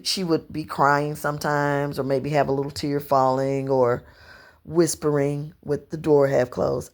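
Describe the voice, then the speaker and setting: A woman in her fifties from Louisiana with a Southern accent, telling long personal stories to camera in an unhurried, rambling way. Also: sits low, little pitch movement. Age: 50s. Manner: unhurried storytelling, drawn-out phrasing, slips into dialect and quoted voices. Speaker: vlogger.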